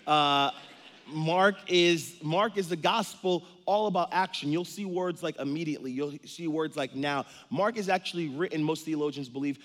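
A man in his thirties preaching a lively sermon, with a slightly higher voice and a quick, joking storyteller's manner. His voice carries the long reverb of a large church hall. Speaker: pastor.

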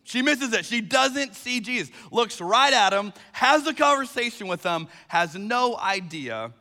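Lively, bright-voiced preacher man in a hall. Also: extremely high pitch, measured pace. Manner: animated, emphatic, with repeated phrases. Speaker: pastor. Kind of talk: sermon. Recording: long reverb of a large hall.

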